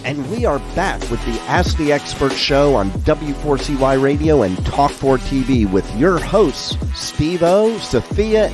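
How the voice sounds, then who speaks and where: A man's voice: a little high, lively intonation, unhurried, hardly any pauses. A man announcing a radio show intro in an upbeat, scripted delivery. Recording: announcer intro over music.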